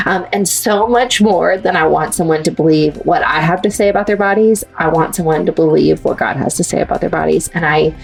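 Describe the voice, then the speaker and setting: Woman guest author, earnest and thoughtful, lower-pitched, gravelly, a bit far from the mic. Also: brisk, few pauses. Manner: earnest, thoughtful, with frequent fillers. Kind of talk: interview answers.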